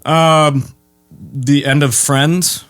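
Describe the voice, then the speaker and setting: A man from the Midwest, a guest who makes bass guitars, chatting casually in an interview with dry humor and frequent pauses. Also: fairly even intonation, a bit bright.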